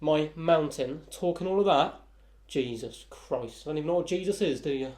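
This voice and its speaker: A man's voice: on the high side, expressive, brisk, darkish tone, natural voice. A man voicing a rude, territorial male dwarf blacksmith who swears and scorns visitors, in a tabletop game. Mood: indignant. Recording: roomy echo.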